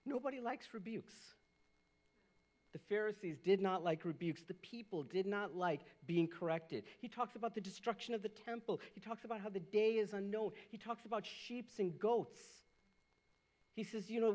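A middle-aged pastor delivers an animated sermon, swinging between loud outbursts and hushed lows, at a slightly slow pace.

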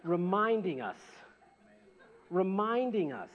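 A man's voice: high-pitched, a little slow, pauses often. A man preaching a sermon as pastor, telling stories with lots of restarts and repetition. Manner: animated storytelling with repetitions. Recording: dull lo-fi sound.

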